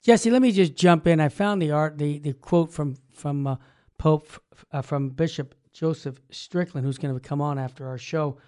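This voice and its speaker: Emphatic high-voiced male talk host. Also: moderate pace, a little mellow. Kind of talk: casual talk show chat.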